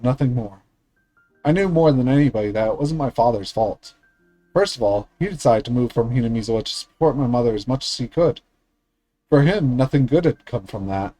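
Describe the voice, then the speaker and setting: A male streamer with a medium-pitched voice reads a visual novel aloud steadily and earnestly, with small slips along the way. The recording is rough.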